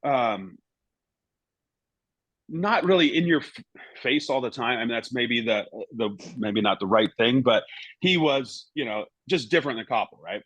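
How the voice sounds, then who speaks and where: A man's voice: medium pitch, expressive, unhurried, fairly bright tone, no room sound, poor audio. A middle-aged man, a former goalkeeper and now a podcast guest, who tells anecdotes in a rambling way and keeps adding "you know" and "right?". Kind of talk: casual anecdote telling.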